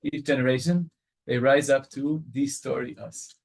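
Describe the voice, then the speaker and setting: A male rabbi teaching a Torah study group. He reads Hebrew lines aloud and then translates them into English, telling the story with lively repetition and frequent restarts. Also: mid-range voice, measured pace, gravelly.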